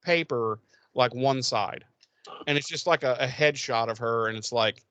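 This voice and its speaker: A male podcast co-host recaps an episode in a loose, rambling, profane way, laughing frequently and acting out characters' lines. His medium-pitched voice sounds pushed, bright, and smooth at a normal speed, with no echo but dull audio.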